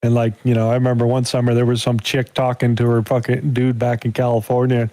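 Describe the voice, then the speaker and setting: Man, warm relaxed voice, dry close sound, laid-back host chatter. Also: mid-range voice, fast, dry recording. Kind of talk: casual chat.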